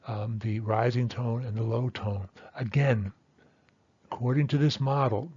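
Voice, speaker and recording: A man's voice: mid-range voice, dark tone, husky, no room sound, highs cut off. A man teaching a language lesson, explaining step by step and checking in with "right?". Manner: methodical, repeats key points, says "okay" and "right?".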